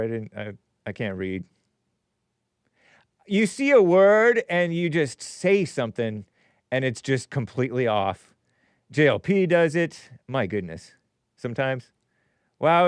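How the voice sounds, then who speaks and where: Male stream host, unhurried, clear and resonant, dry close sound, chuckling opinionated asides over viewer comments. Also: medium pitch, no echo. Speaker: show host. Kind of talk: casual livestream commentary, reading viewer comments aloud.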